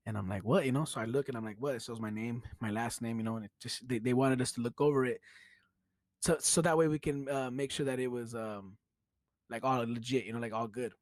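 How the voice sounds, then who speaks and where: A man's voice: mid-range voice, fairly even intonation, brisk, dry recording. A young man with a Chicano English accent, hosting his own podcast and telling a story in a casual, profane way, laughing often. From United States. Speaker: podcast host.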